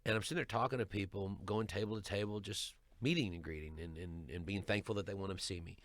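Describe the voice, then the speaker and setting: A middle-aged man, a stand-up comedian, telling stories in an animated way and often repeating words as he restarts. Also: deep voice, fast. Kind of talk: storytelling chat.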